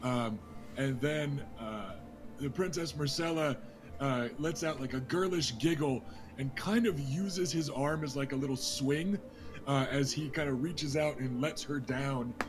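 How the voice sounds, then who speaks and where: Slow-talking man running a tabletop game. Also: medium pitch, music in the background. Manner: unhurried, many fillers and hedges. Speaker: game master.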